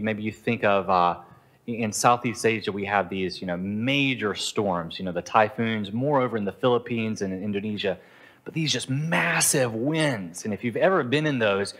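A man's voice: fairly low pitch, a bit bright. A middle-aged man preaching a sermon in an earnest, conversational way, now and then acting out the inner voices of his listeners. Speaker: pastor. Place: Southeast Asia.

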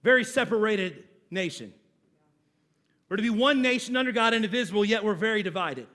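A male pastor delivers a sermon in church, guiding the congregation through call-and-response. He speaks slowly and deliberately, then bursts into sudden loud emphases. His voice sits high and is expressive.

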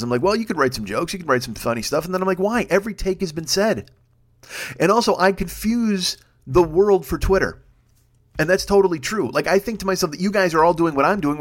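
Brief: man, 50s, solo podcast rant, profane, self-mocking, slightly high voice. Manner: rambling, self-deprecating, swears often, ranty. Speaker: podcast host. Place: home, recording late at night.

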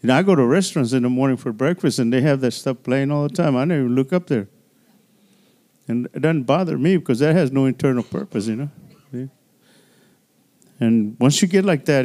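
A man's voice: medium pitch, warm tone. A male pastor preaching a sermon in a loose, conversational way, full of "you know" and "hallelujah", often repeating and restarting words.

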